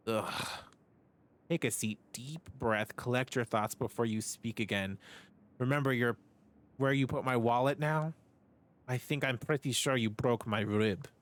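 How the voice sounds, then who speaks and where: A man's voice: medium pitch, unhurried, close to an everyday voice. A cocky, brawny street fighter who taunts an old man he has cornered, read by a male streamer. The delivery stays plain and conversational, with only a light swagger. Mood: taunting.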